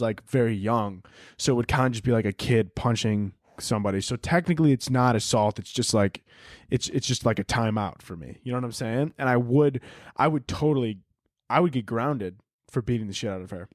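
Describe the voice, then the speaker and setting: A man's voice: medium pitch, a little fast, dry recording, studio quality. A man in his twenties hosting a solo podcast, ranting casually with lots of swearing. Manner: profane, animated, ranting. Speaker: podcast host.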